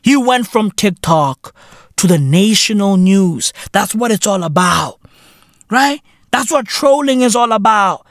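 A man with a South African accent hosting a podcast, ranting comedically, cursing constantly and swinging from shouts to low mutters. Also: no echo, studio quality. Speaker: podcast host.

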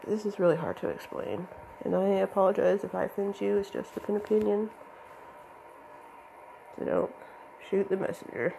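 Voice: medium pitch, expressive, moderate pace, gravelly, dark tone, slight background noise, low-quality recording. A young adult rambling hesitantly in a casual monologue to camera, with a voice cracking from allergies.

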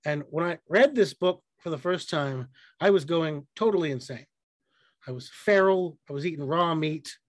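A man's voice: on the high side, normal speed, no room sound. A young man co-hosting a podcast, rambling and joking in casual chat, swearing freely. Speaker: podcast co-host.

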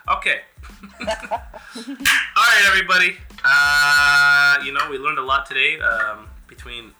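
A young man co-hosting a podcast in casual chat, joking and animated, often trailing off softly. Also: a little high, slow pace, music in the background. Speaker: podcast co-host.

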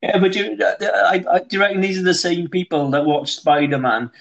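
A man's voice: sits high, fairly even intonation, fairly quick, vocal fry, fairly bright tone, muffled recording. A Welsh man, a comedian guest, telling rambling anecdotes in casual podcast chat with frequent restarts. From Wales.

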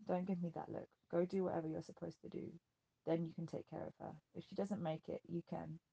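A man's voice: a little high, level tone, brisk, gravelly, warm tone, breathy edge, muffled recording. A narrator voicing a tense, weary grown man who speaks bluntly and curtly in an audiobook. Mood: grim. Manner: blunt and curt.

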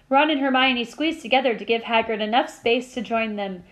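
High-voiced teacher reading a story aloud. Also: female voice, normal speed, rough recording. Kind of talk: reading a novel aloud to a class.

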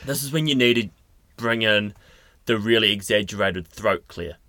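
A man's voice: on the low side, normal speed, pushed and bright, no room sound. A young man co-hosting a podcast from a studio, chatting casually with playful, teasing banter. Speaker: podcast co-host. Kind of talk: casual chat. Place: recording studio.

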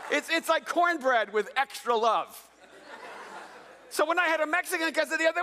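Animated pastor from El Salvador. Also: male voice, extremely high pitch, moderate pace, big-room sound, a crowd in the background. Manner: animated storytelling with jokes. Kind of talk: sermon.

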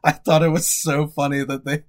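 A man co-hosting a podcast, telling amused stories in a relaxed, casual way. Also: fairly high pitch, normal speed. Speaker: podcast co-host.

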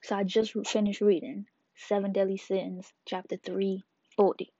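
A woman hosting a casual manga review video, slangy and playful, retelling scenes with quick asides. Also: medium pitch, level tone, dark tone, husky, no echo. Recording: dull lo-fi dry sound.

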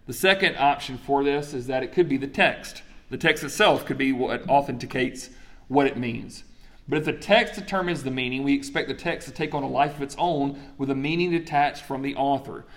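A man's voice: medium pitch, moderate pace, fairly bright tone. A man preaching a sermon in a conversational way, putting questions to the congregation and answering them himself. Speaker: pastor.

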